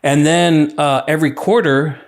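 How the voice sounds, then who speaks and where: Young man telling his story, relaxed. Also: on the high side, moderate pace. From California, USA. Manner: relaxed, rambling, many "like" and "you know" fillers. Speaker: podcast guest, university student. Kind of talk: casual storytelling interview.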